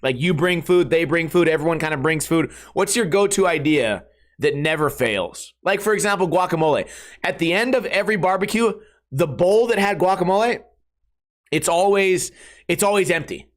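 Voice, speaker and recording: A man in his thirties hosting a casual solo podcast, rambling and joking with lots of swearing and quick impressions of friends. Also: high-pitched, expressive. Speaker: podcast host.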